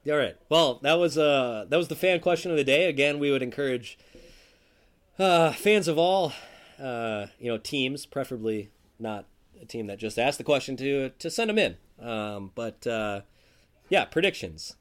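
A man's voice: medium pitch, lively intonation, moderate pace. A man co-hosting a sports podcast, talking casually and rambling with lots of fillers and restarts. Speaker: podcast co-host.

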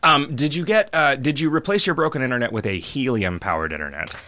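A man's voice: mid-range voice, expressive, quick pace, sharp tone. A man hosting a podcast, chatting casually and rambling into long jokey explanations. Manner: rambling, joking, explains at length. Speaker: podcast host. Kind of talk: casual chat over a call.

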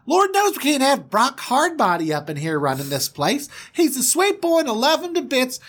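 A man voicing a scheming, doting southern mother with a Southern US twang, talking in a hushed, husky drawl. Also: very high voice, wildly swooping pitch, normal speed, pitched above the performer's own voice, exaggerated voice.

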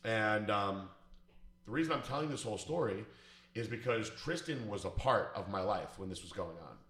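A man's voice: on the low side, lively intonation, moderate pace, fairly bright tone. A man telling a personal story in a casual, blunt, profane and emphatic way. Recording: echoey room.

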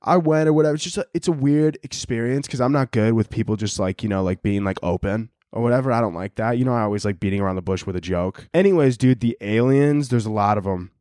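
A man's voice: mid-range voice, fast, few pauses, a little mellow, dry recording, studio quality. A young man hosting a comedy podcast, rambling casually with lots of filler and acting out little scenes. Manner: rambling, heavy on filler, acts out bits in quoted voices. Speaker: podcast host.

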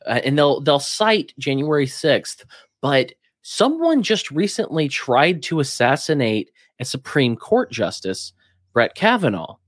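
A man's voice: a little high, very animated, measured pace, dry recording, clean studio sound. A man co-hosting a casual political talk podcast, speaking emphatically and pushing his voice up at strong points. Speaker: podcast co-host.

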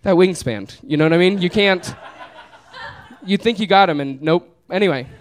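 A young comedian in a small live venue tells a funny story to the audience, laid-back and laughing through it. He has a high voice and speaks at a normal speed.

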